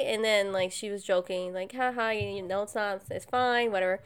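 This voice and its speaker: A woman's voice: a little slow, smooth. A young woman in casual chat, telling stories animatedly and jumping into quoted voices. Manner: animated storyteller, jumps to high acted voices. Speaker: co-host.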